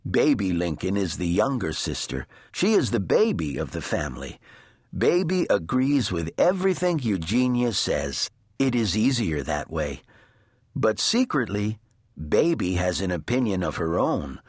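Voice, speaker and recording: A man narrating a children's storybook in a gentle, deliberate storytelling manner. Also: fairly low pitch, sing-song, breathy edge, dry recording, clean studio sound. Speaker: audiobook narrator.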